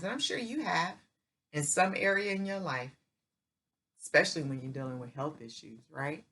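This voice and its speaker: A woman's voice: sits low, a bit bright. A middle-aged woman hosting her own channel, giving an emphatic, preacher-like motivational faith talk in folksy speech, repeating herself and checking in with "right?" and "okay?". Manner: folksy speech with "y'all" and "ain't". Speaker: channel host.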